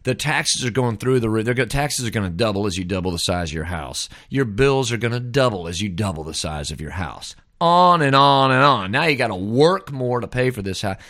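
Rambling folksy podcast host. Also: male voice, fairly low pitch, expressive, fairly quick, few pauses, fairly bright tone, no echo, studio quality. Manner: rambling, folksy, says "man" a lot. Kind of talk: casual monologue.

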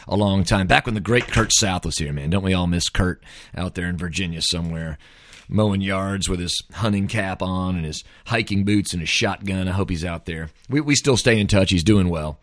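A man's voice: fairly low pitch, sharp tone, no echo, studio quality. A man hosting a podcast, rambling in a folksy, casual way, often tossing in "man". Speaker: podcast host. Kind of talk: casual monologue.

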